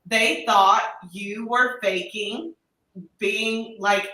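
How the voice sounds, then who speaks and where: An American woman telling stories in a casual chat, acting out the people she quotes in animated voices. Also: mid-range voice, extremely slow, recorded from a distance. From United States. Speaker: expat podcast guest. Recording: echoey room, a little off-mic.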